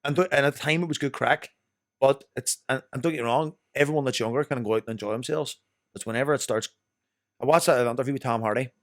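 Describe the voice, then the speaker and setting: A man's voice: mid-range voice, fast, no room sound, studio quality. A young Northern Irish man telling rambling, sweary stories as a podcast guest. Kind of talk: casual chat.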